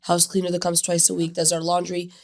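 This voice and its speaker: A woman's voice: fairly low pitch, monotone, quick pace, darkish tone. A woman in her thirties hosting a podcast, talking earnestly and emphatically in a casual interview and reflecting openly on her own feelings. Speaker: podcast host.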